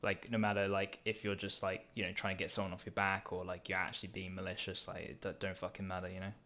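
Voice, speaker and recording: Low-voiced young man rambling casually. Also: monotone, fast talker, bright, forceful tone. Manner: rambling, laughs often. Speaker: co-streamer. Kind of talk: casual gaming stream chat.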